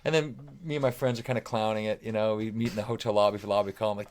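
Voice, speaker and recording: A man with a fairly low voice talks at a racing clip, barely pausing. He's a musician guesting on a podcast, casually telling stories, acting out what people said with lots of "like" fillers and the odd swear word, all very animated.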